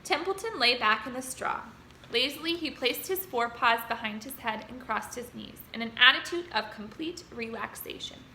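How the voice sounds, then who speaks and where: A woman teacher reading a children's novel aloud to her students with expressive storytelling. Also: on the high side, moderate pace, slight background noise. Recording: roomy room echo.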